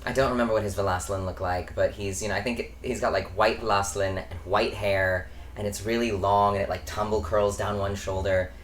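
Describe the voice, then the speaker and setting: A man's voice: on the low side, fairly even intonation, a little fast, a little hiss or hum. A young man from the United States hosting a casual chat vlog from his bedroom, rambling through tangents with lots of ums. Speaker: host.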